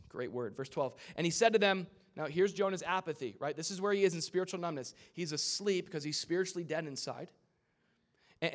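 A man preaching a sermon, retelling a scripture story in a casual way with asides and quick character voices. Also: a little high. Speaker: pastor.

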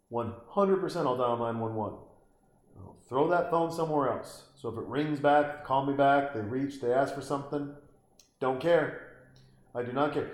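Man, comedic movie reaction, swearing, mocking rant, echoey room. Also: mid-range voice. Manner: swearing, animated, mocking, acts out voices.

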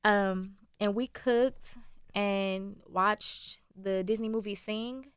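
A woman's voice: mid-range voice, slow pace, clear, resonant tone, dry recording, clean studio sound. A woman co-hosting a casual chat, telling stories with lots of laughter and acting out what others said. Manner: animated storyteller, acts out quotes, laughs often. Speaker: podcast co-host.

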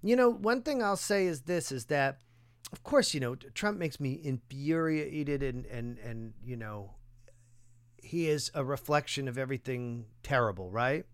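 A man hosting a podcast, chatting casually and enthusiastically, thinking out loud and affirming his guest. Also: mid-range voice, lively intonation, measured pace, clear, resonant tone. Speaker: podcast host. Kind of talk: casual conversation.

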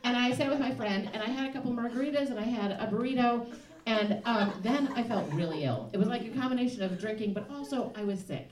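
A woman in her thirties with a Chicago accent tells a funny story on stage, animated and laughing through her punchlines. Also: fairly high pitch, quick pace, recorded from a distance. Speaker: stand-up comic. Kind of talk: live stand-up storytelling. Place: comedy club stage. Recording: roomy live club recording with audience noise.

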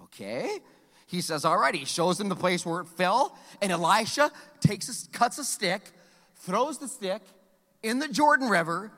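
Middle-aged guy preaching, high lively voice bouncing around, bright, hall echo behind him. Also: measured pace. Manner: animated storytelling, acts out quoted voices. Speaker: pastor. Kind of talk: sermon. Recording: hall reverb.

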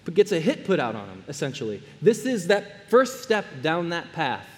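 A male pastor with a high, light voice preaches an earnest sermon. He drops to soft, hushed phrases and then lifts to emphatic ones. His words carry a long reverb that fills a church hall. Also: wildly swooping pitch, normal speed.

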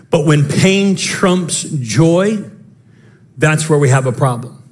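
High-voiced impassioned male pastor. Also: animated. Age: young adult to middle-aged, father of children. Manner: impassioned preaching with sudden shouts and quick asides. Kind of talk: sermon.

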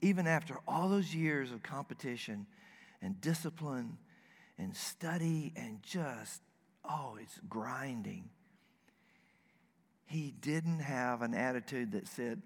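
A man's voice: mid-range voice, lively intonation, slow, breathy edge, in a large hall. A man from the States, preaching a sermon in a folksy, earnest storytelling way. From Southern United States. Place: church sanctuary.

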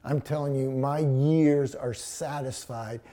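An older man, a pastor with grandchildren, preaching a sermon, telling a story and then slowing down to stress words, sometimes dropping close to a whisper. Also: mid-range voice, fairly even intonation, warm tone. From Texas.

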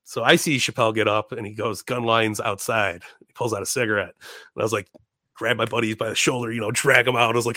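Animated storyteller man, swearing, dry close mic. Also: on the low side, fast talker, no echo. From Chicago. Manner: animated, swears freely, acts out quotes in raised voices. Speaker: podcast guest. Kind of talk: casual storytelling.

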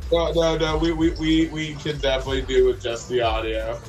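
A man co-hosting a casual podcast, tossing in quick, short interjections. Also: mid-range voice, completely flat delivery, faint music behind, poor audio. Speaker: podcast co-host. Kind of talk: casual chat.

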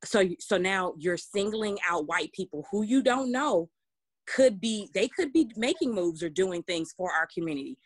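A woman's voice: medium pitch, lively intonation, moderate pace, dry recording. A woman, co-hosting a casual podcast discussion, talking emphatically with many restarts. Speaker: podcast co-host.

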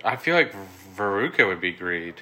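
A man in casual chat, chiming in with quick questions and jokes. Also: fairly low pitch, very animated, sharp tone.

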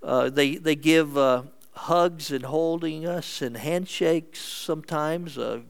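A man preaching a sermon as pastor, earnest and measured, moving between emphatic lines and hushed ones. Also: on the high side, vocal fry, smooth.

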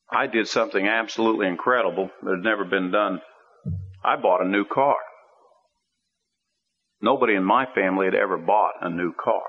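A man preaching a storytelling sermon in a folksy, conversational way, with emphatic swings from quiet asides to ringing exhortations. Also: fairly low pitch. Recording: dull lo-fi radio broadcast.

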